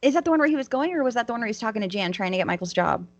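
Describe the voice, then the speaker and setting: A woman co-hosting a podcast in casual chat, talking quickly and animatedly and acting out quoted dialogue. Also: on the high side, expressive, no echo, highs cut off. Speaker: podcast co-host.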